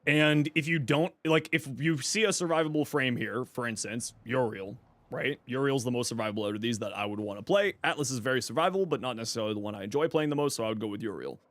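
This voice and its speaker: Recorded dry, a Toronto man with a mid-range, slightly bright voice speaks quickly. He chats loosely and ramblingly on a livestream, answering viewer questions in a relaxed manner.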